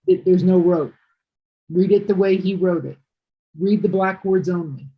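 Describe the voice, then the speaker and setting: A woman's voice: lowish voice, unhurried, breathy edge, dull audio. A woman teaching English one-on-one, patiently correcting and explaining.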